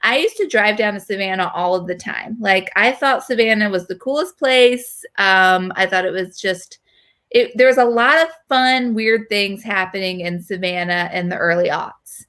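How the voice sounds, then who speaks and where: A woman in her thirties from North Carolina, hosting and telling a story in casual chat, animated and full of fillers. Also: medium pitch, moderate pace. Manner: animated, chatty, with frequent fillers. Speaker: host.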